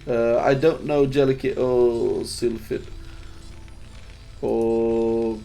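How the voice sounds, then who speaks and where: A man's voice: mid-range voice, steady tone, drawn-out words, creaky, dark tone, faint music behind. A man from Sweden, a native Swedish speaker, casting a game in English in a chatty, hesitant way while answering viewer chat. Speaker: game caster. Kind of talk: casual live-stream game commentary.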